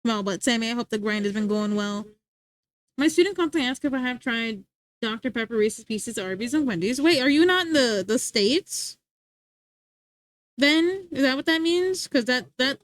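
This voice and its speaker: A young woman livestreams from her home setup, reading chat and casually talking with viewers, teasing them and laughing often. Her voice is a little high and expressive at normal speed, and the recording is dry.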